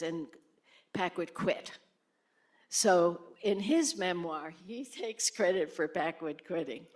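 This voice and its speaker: Animated older woman telling a story. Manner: animated, acts out quoted voices with sharp jumps in pitch. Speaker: former senator speaking at a lecture. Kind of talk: conversational storytelling on stage.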